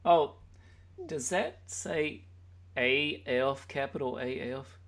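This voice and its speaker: A man's voice: mid-range voice, takes it slowly, gravelly, fairly bright tone. Joking, rambling podcast host man. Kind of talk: casual podcast chat.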